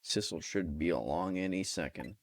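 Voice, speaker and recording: A man voicing a brisk, caring young woman detective in a game, reading her lines aloud in an even tone. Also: low voice, vocal fry, soft background music. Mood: concerned.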